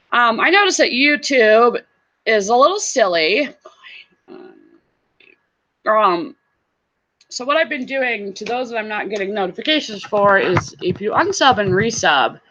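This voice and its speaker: A woman's voice: mid-range voice, sharp tone, muffled recording. A woman hosting a casual livestream, chatting with viewers and laughing often.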